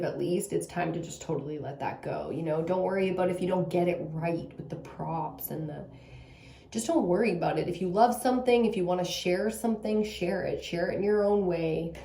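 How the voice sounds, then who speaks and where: A woman's voice: fairly low pitch, mellow, echoey room. A young Canadian woman giving a casual tarot reading, rambling loosely and swearing freely. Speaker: tarot reader.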